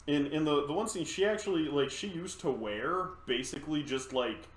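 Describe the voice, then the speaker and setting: A man at a tabletop game talks in a slightly high voice, stopping and restarting as he explains a point. The room around him is echoey, with faint noise behind. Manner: halting, full of restarts, explaining at length. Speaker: player. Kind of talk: casual chat at a tabletop game.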